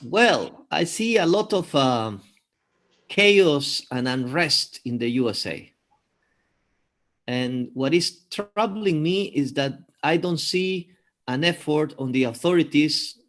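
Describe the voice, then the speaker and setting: Measured Peruvian-born man, slow and hesitant. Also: a little high, expressive, a bit bright. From Peru. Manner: thoughtful, hesitant with many fillers. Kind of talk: casual conversation. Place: live video call.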